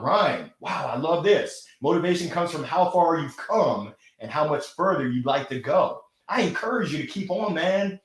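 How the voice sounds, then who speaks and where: An upbeat man in his thirties hosts a live motivational stream and reads out viewers' comments with effusive thanks. His voice sits fairly high for a man. The sound is roomy and echoey. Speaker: host of a weekly live motivational show.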